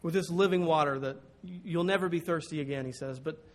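Animated male preacher telling a story. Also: on the high side, fast. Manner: storytelling, animated, acts out quotes. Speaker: pastor. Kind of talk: sermon.

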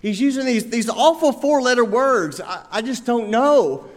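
A man's voice: very high voice, animated, normal speed, voice pushed up. A man voicing a distraught young newlywed bride who sobs, stammers and pleads. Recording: long reverb of a large hall.

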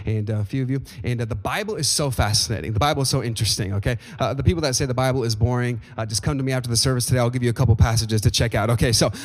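A man preaching a sermon as pastor, telling a scripture story with animated energy and some fillers. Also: racing, hardly any pauses. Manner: animated storytelling, rising pitch when excited. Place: church sanctuary. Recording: long reverb of a large hall.

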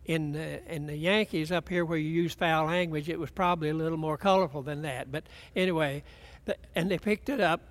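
A man's voice: on the high side, fairly even intonation, brisk. An older man preaching a folksy, rambling sermon, often restarting his sentences.

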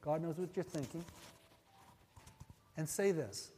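A man's voice: a little high, sing-song, normal speed, faint music behind. Earnest folksy male pastor in a reverberant church. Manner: earnest, folksy, repeats phrases, drops to a hushed voice in prayer. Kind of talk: sermon and altar-call prayer. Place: church sanctuary.

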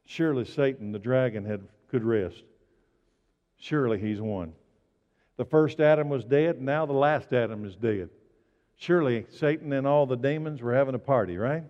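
A man preaching a sermon, swinging from loud exclamations to hushed, slow lines. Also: mid-range voice. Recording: dull sound with long hall reverb.

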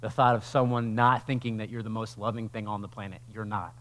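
A male pastor preaching a conversational sermon to his church, building from casual asides into loud, drawn-out emphatic passages. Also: on the low side, steady tone, a little hiss or hum. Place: church sanctuary.

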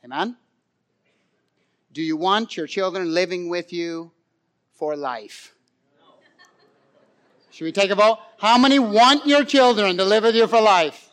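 A middle-aged man delivers a sermon in a high, light voice. He talks loosely, with plenty of fillers and questions thrown to the congregation. He rises to loud, lively stretches and drops to near-hushed emphasis. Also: a little slow, pauses often, clear, resonant tone. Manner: conversational, with frequent fillers and audience questions. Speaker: pastor.

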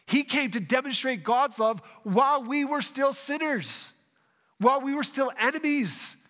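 Bright high-voiced man preaching. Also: unhurried, in a large hall. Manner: restarts phrases, asks the congregation questions. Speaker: pastor. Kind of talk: sermon.

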